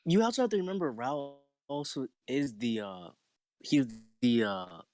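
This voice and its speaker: A man's voice: medium pitch, lively intonation, normal speed, a little mellow. A young man in casual podcast chat, hesitating as he searches for words. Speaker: podcast co-host.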